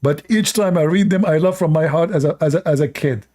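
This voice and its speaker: A man's voice: a little high, fairly quick, mellow. A man giving sarcastic commentary while reading religious stories aloud, often laughing at them. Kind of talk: mocking commentary on religious texts.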